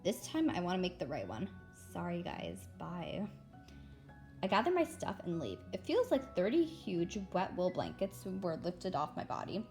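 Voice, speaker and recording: A woman's voice: lowish voice, wildly swooping pitch, normal speed, darkish tone, soft background music. A woman reading a middle-grade novel aloud, telling it expressively in the first person as a young girl. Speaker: read-aloud narrator.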